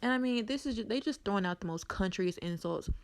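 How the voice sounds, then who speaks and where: Sassy gravelly woman. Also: medium pitch, quick pace. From North Carolina. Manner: sassy, animated storytelling with exclamations. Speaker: show recap vlogger. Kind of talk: gossipy reality-TV recap.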